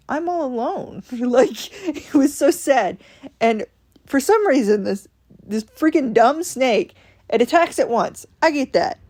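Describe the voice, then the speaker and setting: A woman from Ohio casually telling a story from her week, animatedly acting out what people said. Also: mid-range voice. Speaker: vlogger.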